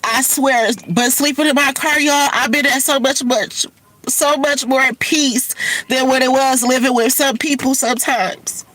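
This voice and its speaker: A livestream host, sniffling after crying, talks candidly to viewers she calls y'all in an emotional, casual stream. Her high, fairly bright voice holds a steady tone and moves a little slowly, and the audio is poor.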